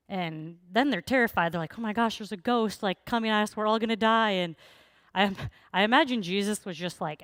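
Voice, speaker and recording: A woman's voice: lowish voice, clear, resonant tone, dry recording. A woman preaching a sermon, telling the story in a chatty, informal way with plenty of fillers.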